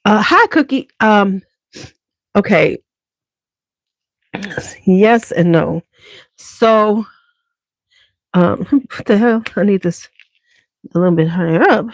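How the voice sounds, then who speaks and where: A woman's voice: mid-range voice, slow, long pauses, no echo. Woman, casual livestream chat, chatty and loose, swears freely, dry clip-on mic sound, at home. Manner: chatty, swears freely, talks straight to viewers. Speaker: beauty channel host.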